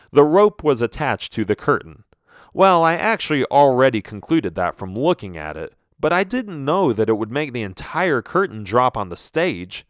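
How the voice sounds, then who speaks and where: A man's voice: mid-range voice, dry recording. Guy reading a silly kids' audiobook, voice bouncing up and down a lot, dry close sound. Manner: animated, expressive reading. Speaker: audiobook narrator. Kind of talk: scripted first-person storybook narration.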